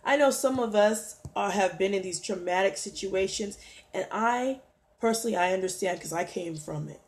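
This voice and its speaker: A woman's voice: mid-range voice, normal speed. A woman hosting a motivational livestream, exhorting her viewers and greeting them by name as she preaches. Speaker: livestream host.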